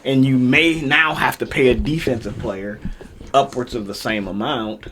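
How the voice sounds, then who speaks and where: A man's voice: mid-range voice, normal speed, noisy background. A man co-hosting a podcast, talking in a laid-back, slangy casual chat. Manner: laid-back, slangy, says "bro" a lot. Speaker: podcast co-host.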